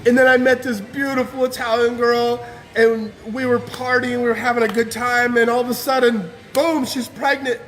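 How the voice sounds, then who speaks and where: Man, very high voice, guest speaker, emotional fervent testimony, casual slang. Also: level tone, normal speed, a bit bright. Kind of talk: impassioned personal testimony speech.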